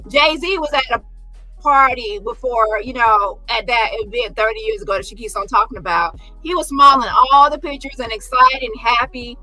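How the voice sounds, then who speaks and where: High bright sassy woman commentator. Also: normal speed, no room sound, soft background music, poor audio. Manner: sassy, profane, mocking impressions. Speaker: commentary vlogger. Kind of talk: casual commentary on photos.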